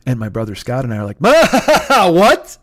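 A man's voice: fairly low pitch, fairly even intonation, rapid-fire, warm tone, dry recording, studio quality. A man, hosting a podcast and telling a rambling, profane, self-mocking story full of restarts. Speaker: podcast host. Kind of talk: casual storytelling monologue.

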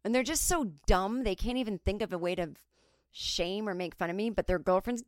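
Woman, forties, casual comic monologue, chatty, quick impressions, dry close mic. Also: mid-range voice, no room sound. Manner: chatty, animated impressions of others. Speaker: podcast host. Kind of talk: solo comedic storytelling.

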